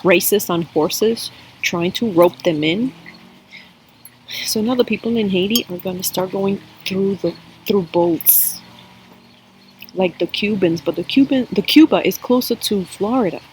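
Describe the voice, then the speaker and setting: This tarot and coffee-cup reader speaks unhurriedly in a medium-pitched voice, giving an earnest, emotional spiritual cup reading directly to her viewers on camera. A little hiss or hum runs through the low-quality recording.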